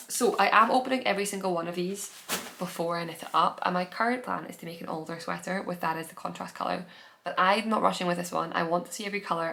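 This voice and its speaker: Her voice is lowish, gravelly and a bit bright as she hosts her own podcast from home. Chatting casually on camera, she gushes excitedly and keeps trailing off and restarting.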